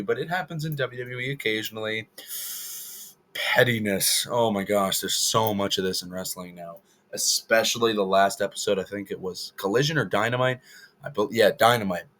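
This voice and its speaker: Casual rambling man with a lowish voice. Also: moderate pace, a bit bright. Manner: casual, rambling, self-correcting. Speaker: wrestling video creator. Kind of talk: opinion commentary vlog.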